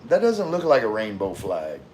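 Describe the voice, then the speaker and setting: A man's voice: on the low side, huge pitch swings, normal speed, a little mellow, slight background noise. Laid-back man reading live chat. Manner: laid-back, answers viewer comments with frequent fillers. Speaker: livestream host reading chat. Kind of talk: casual livestream chat.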